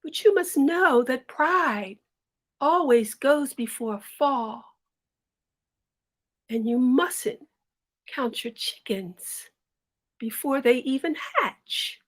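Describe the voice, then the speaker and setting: A woman playing a gentle, wise mother. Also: high voice, expressive, full character voice. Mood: consoling. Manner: slow, soothing, moralizing. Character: gentle, wise mother comforting her daughter.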